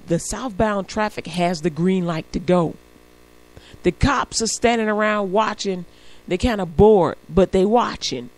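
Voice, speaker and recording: A woman radio host telling a story in a casual on-air monologue. She acts out the voices of the people in it and laughs often between remarks. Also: on the low side. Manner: animated storyteller acting out quoted voices. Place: radio studio.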